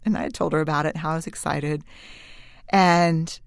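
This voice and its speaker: A woman in her forties with a low, gravelly voice shares a candid personal story as a researcher giving a talk. She confides in her listeners, sometimes racing ahead and sometimes slowing to a hush. The recording is dry and close. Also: steady tone, no echo. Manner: candid, confiding, shifts between brisk and slow hushed phrases.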